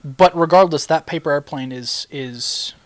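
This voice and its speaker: A man's voice: fairly high pitch, no room sound. A young man co-hosting a podcast, chatting casually and joking around. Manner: playful, jokey, quick to laugh. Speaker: podcast co-host. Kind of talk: casual chat.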